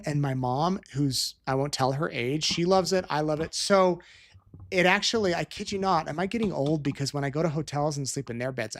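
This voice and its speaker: A man's voice: a little high, fairly bright tone. A middle-aged man hosting a live show, chatting casually in a rambling way, with restarts and tangents as he answers viewer questions. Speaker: show host. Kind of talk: casual live-stream chat. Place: Utah.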